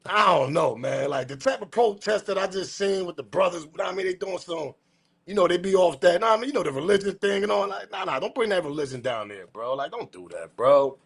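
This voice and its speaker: A man hosting a news commentary channel, ranting in a profane, slangy, repetitive way, swinging from muttering to shouting. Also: high-pitched, lively intonation, fairly quick, creaky, slightly rough. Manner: profane, repetitive, slangy, keeps saying respectfully. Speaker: host.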